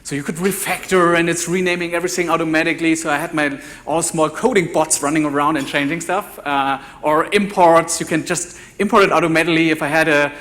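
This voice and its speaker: Man, German accent, conference speaker, halting with repeated words, fairly high pitch, bright tone. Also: fairly even intonation. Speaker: conference speaker, developer evangelist. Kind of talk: live conference talk. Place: conference ballroom.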